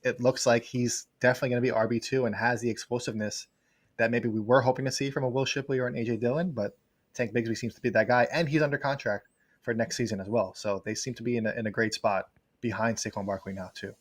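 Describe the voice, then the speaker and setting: A man talking football at a quick clip, stringing his points together in long, breathless runs. He sounds like a regular on a casual sports podcast, working through his analysis out loud. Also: mid-range voice, steady tone. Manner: fast, analytical, talks in long run-on points. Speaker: co-host, football writer.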